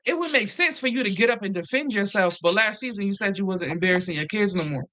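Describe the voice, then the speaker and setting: A woman hosting a casual, animated recap chat, swearing freely and acting out what others said. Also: mid-range voice, fast talker. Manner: animated, profane, acts out quotes. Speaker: host.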